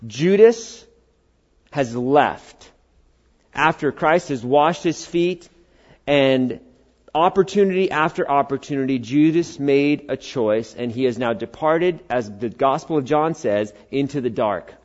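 In a muffled recording, a middle-aged man preaches a church sermon at a measured pace, his medium-pitched voice expressive and darkish. He keeps it conversational, joking and bantering with the congregation while acting out the people he quotes in character voices.

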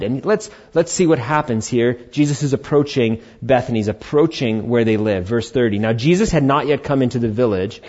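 A man preaching a sermon as pastor, switching between loud emphatic lines and quiet, soft-spoken passages. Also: medium pitch, lo-fi sound. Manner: swings from loud emphasis to hushed, soft asides.

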